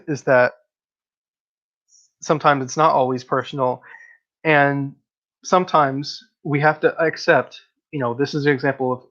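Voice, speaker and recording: A man's voice: mid-range voice, fairly bright tone, muffled recording. Blunt opinionated man on a livestream. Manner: blunt, opinionated, reads chat aloud. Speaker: livestream host. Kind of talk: casual livestream discussion.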